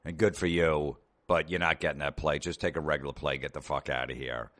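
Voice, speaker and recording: A man's voice: rumbling low, steady tone, a little fast, a bit bright. A male comedian host delivering a profane, sarcastic, exasperated comedic rant.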